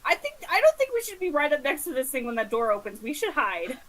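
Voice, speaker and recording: A woman's voice: high voice, wildly swooping pitch, quick pace, slight background noise. A woman playing a tabletop game, talking hesitantly and unsure of herself. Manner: hesitant, uncertain. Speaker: player. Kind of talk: casual tabletop play.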